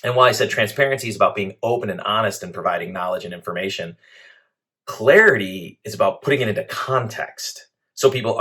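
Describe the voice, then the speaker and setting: A man teaching a leadership training lesson, methodical and clear, laying out his points one after another. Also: fairly low pitch, a bit bright. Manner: clear, methodical, speaks in lists.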